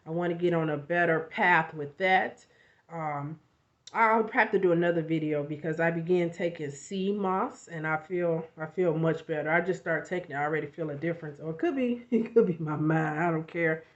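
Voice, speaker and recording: A woman vlogging casually about self-help, chatty and animated, with frequent asides and a slight cough after illness. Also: deep voice, moderate pace. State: recovering from covid, coughing. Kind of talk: casual motivational vlog. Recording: lo-fi home recording.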